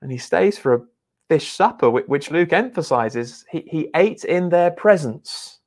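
A man's voice: fairly high pitch, lively intonation, darkish tone. A man preaching a sermon in an earnest, conversational way, often restarting his words. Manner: earnest, halting with repeated restarts.

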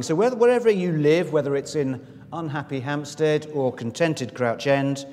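A man's voice: on the high side, normal speed, hardly any pauses, a little mellow. A man preaching as a visiting minister, chatty and self-deprecating, with asides to the congregation. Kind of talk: sermon. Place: church in London. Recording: reverberant church hall.

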